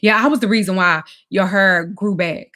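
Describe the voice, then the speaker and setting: A woman putting on the voice of her resentful older male partner, loud and accusing. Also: mid-range voice, lively intonation, racing, husky.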